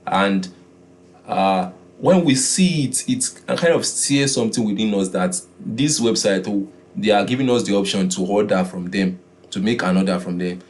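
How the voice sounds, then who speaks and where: A man teaching a beginners' design class, often repeating his key points and pausing with "uh". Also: lowish voice, a little mellow. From Nigeria. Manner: repeats key phrases, filler "uh". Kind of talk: classroom lesson.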